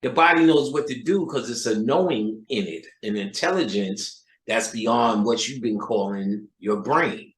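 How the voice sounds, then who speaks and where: A man lecturing in a loose, profane style, hammering his points and repeating them for emphasis. His voice is mid-pitched. The room around him rings with echo. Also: lively intonation, measured pace, few pauses. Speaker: occult lecturer. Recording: echoey room.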